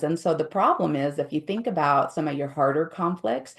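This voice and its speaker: Middle-aged woman guest expert: low, gravelly voice, patient explainer who acts out quotes. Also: normal speed. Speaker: guest conflict resolution expert. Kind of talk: casual explanatory interview talk.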